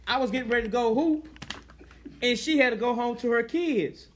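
A man's voice: very high voice, brisk, very noisy. A young man casually telling a crude story among friends, acting out what other people said. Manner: crude, laid-back, acts out quotes.

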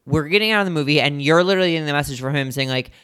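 A man's voice: fairly high pitch, rapid-fire, a bit bright, clear, resonant tone, no room sound, clean studio sound. A man co-hosting a casual chat show, chatty and playfully teasing. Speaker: podcast co-host.

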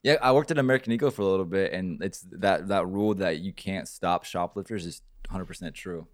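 A man's voice: sits low, no room sound, clean studio sound. A man hosting a casual podcast, chatty and joking, telling stories with friends. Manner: joking, chatty, quick to laugh. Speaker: podcast host. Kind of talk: casual chat.

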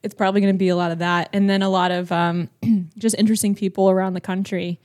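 A young woman co-hosting a podcast, chatting casually with a friend, swearing freely and rushing through stories. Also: medium pitch, little pitch movement, darkish tone, no echo, studio quality. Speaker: podcast co-host. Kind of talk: casual chat.

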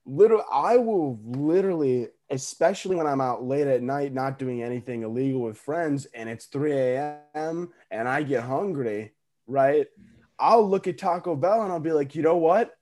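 A man's voice: mid-range voice, normal speed, darkish tone. A young American man co-hosting a casual podcast chat, telling stories animatedly and acting out quotes with some swearing. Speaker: podcast co-host.

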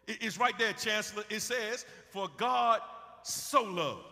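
An impassioned male pastor preaches in a high, bright voice, taking his time over every phrase. He repeats words as he builds and calls out to the congregation. His voice rings through a hall with a long reverb. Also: unhurried. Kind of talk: sermon. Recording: reverberant hall sound, live stream.

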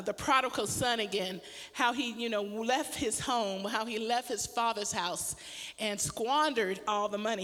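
A woman's voice: a little high, in a large hall. A middle-aged woman pastor tells a personal story in a casual sermon, laughing often as she talks. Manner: animated storytelling with frequent laughter.

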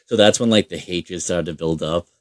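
A man's voice: low-pitched, moderate pace, no room sound, studio quality. Profane, rambling man telling a story. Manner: swears constantly, mocks people with put-on voices. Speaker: amateur hockey goalie telling a story.

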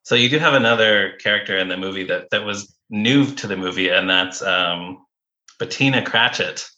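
Deep, bright-toned male co-host. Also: moderate pace, highs cut off. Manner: eager, asks rambling questions. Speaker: podcast co-host. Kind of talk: casual interview chat.

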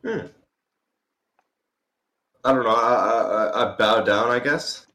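A man's voice: mid-range voice, takes it slowly, bright, forceful tone. A man playing a tabletop game, hesitant and stammering, asking lots of questions. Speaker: player.

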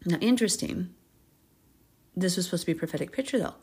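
A woman hosting a Bible podcast, reading scripture aloud and breaking off into expressive, giggly commentary. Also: fairly low pitch, quick pace, husky. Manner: expressive, giggly, acts out characters in paraphrase.

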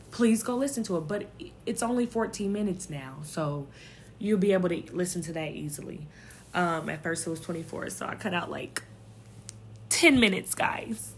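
A woman's voice: on the low side, slight background noise. A woman hosting her own podcast, talking in a rambling, candid and upbeat way, with lots of fillers and laughter. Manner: upbeat and self-encouraging. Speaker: podcast host. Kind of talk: casual solo podcast chat.

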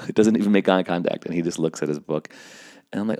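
A man's voice: lowish voice, animated, fast talker, a little mellow, no echo, studio quality. A man casually telling a story about his work as an event stage manager, rambling with fillers and acting out what people said. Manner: conversational, rambling with fillers, acts out quoted lines.

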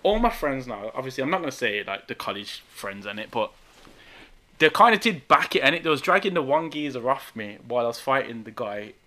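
A young man with a Birmingham accent telling a story in animated, slangy casual chat, often laughing. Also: mid-range voice, brisk. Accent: Birmingham English. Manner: animated, laughing, street slang, frequent tag questions. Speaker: guest storyteller.

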